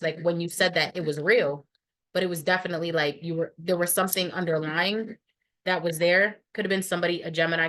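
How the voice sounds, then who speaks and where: A woman's voice: on the low side, fairly bright tone. A woman giving a casual tarot reading to camera, blunt and profane, rambling with many fillers. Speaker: tarot reader.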